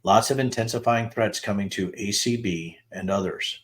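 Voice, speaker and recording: Lowish man reading texts aloud. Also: normal speed, a bit bright. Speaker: podcast host reading text messages aloud. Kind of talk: dramatic reading of texts with asides.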